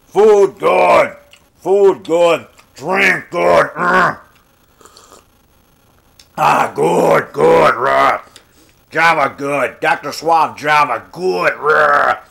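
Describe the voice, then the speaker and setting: Man doing a slow, loud, grunting movie monster, content and dim-witted. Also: a little high, creaky, full character voice. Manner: slow, grunting two-word phrases. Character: lumbering male monster, simple-minded, contented.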